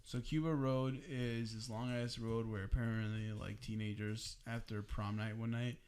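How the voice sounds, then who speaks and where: A young man co-hosting a podcast, telling a story casually among friends in an animated way, swearing freely and laughing as he goes. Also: lowish voice, normal speed. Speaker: podcast co-host.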